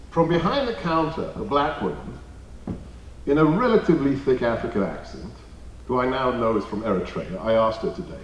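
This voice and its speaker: Guy doing a lively rally speech, slightly high voice, echoey hall, mic kinda far off. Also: slight background noise. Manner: animated, emphatic, jokey anecdotes. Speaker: guest speaker at a party meeting. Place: meeting hall. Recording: roomy hall, distant mic.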